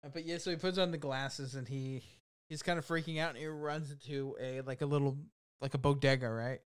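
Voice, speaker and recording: A man's voice: mid-range voice, fairly even intonation, brisk, clear, resonant tone. A young man co-hosting a podcast, casually and animatedly retelling movie scenes with frequent laughter. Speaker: podcast co-host.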